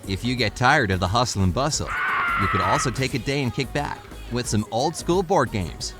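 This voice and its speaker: A man's voice: medium pitch, lively intonation, normal speed, over music. A man narrating a scripted informational video in an upbeat, friendly, evenly paced way.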